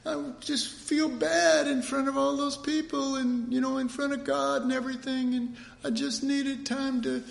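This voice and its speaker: A man's voice: little pitch movement, moderate pace, vocal fry, few pauses, full character voice. A man voicing an ashamed, whining churchgoer who pleads with God for pardon. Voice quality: high, pleading and whiny. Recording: roomy echo.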